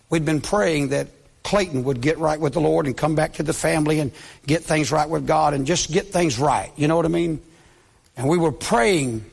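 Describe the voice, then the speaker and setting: A man's voice: a little high, gravelly, slightly rough. A man, a pastor preaching a sermon as a story, impassioned and pleading, dropping to near-whispers when quoting others.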